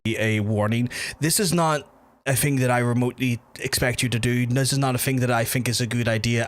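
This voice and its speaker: Profane Northern Irish man spinning a yarn. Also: mid-range voice. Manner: profane, rambling, self-mocking. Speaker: streamer. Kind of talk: casual storytelling during a game stream.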